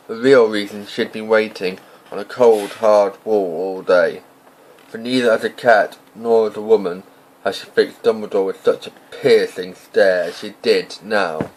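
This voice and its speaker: A man's voice: fairly low pitch, poor audio. A man narrating a story as an amateur audiobook reader, in a casual manner with small slips and off-script asides.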